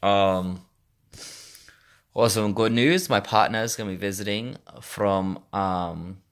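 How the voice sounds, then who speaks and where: Very deep-voiced man vlogging slowly. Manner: slow, pausing as he thinks. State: sore mouth. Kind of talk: casual unscripted vlog. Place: bedroom. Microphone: phone.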